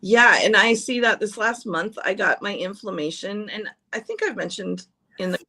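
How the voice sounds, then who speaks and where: A woman's voice: mid-range voice, moderate pace, pushed and bright. A woman on a livestream sharing personal stories in a chatty way, laughing often and restarting her sentences. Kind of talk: casual personal chat.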